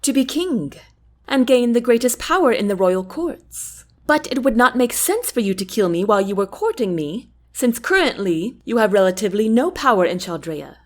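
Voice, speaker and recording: A woman voicing a thoughtful, guarded young queen in an audiobook, formal and measured. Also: a little high, big pitch swings. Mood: earnest. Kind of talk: audiobook character reading.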